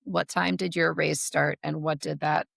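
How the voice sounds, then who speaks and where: A woman hosting a podcast, asking thoughtful, measured interview questions. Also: deep voice, flat delivery, gravelly, fairly bright tone, no room sound, clean studio sound. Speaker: podcast host.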